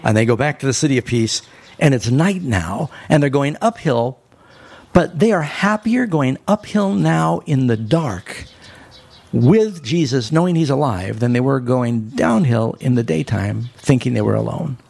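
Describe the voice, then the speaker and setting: A man preaching a sermon, telling a story with lively swings, climbing high when excited and slowing down to stress key lines. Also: creaky.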